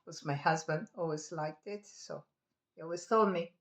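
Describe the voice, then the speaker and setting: A woman's voice: deep voice, normal speed. Chatty Italian woman cooking in echoey kitchen. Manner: chatty, digressive, laughs often. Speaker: home cook. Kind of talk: cooking demonstration.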